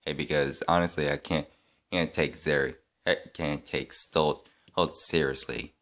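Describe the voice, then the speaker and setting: Very deep-voiced halting man. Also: steady tone, fairly bright tone. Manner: halting, many restarts and fillers; thinking aloud, unsure. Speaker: fan reviewer. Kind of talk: casual opinion vlog.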